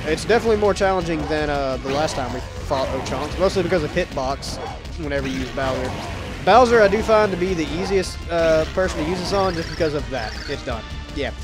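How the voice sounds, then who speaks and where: A man's voice: fairly high pitch, expressive, fairly quick. Southern young man rambling over gameplay. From Mississippi. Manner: rambling, self-deprecating, offhand. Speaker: let's play host. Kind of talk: casual gameplay commentary. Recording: game music under the voice.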